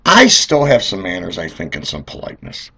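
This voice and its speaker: A middle-aged man telling comedic stories in a rambling, animated way, acting out voices. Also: deep voice, fairly quick, gravelly, breathy edge. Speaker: car dealer telling stories. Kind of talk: comedic monologue.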